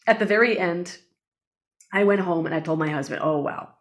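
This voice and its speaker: A woman being interviewed as a guest, telling a personal story in an earnest, animated way. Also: lowish voice, fairly quick.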